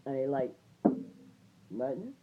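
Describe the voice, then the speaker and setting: A man's voice: mid-range voice, lively intonation, takes it slowly, phone-quality sound, heavy background noise. A young man vlogging a casual, rambling story, swearing freely and retelling it line by line. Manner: rambling, profane, retells with "I'm like".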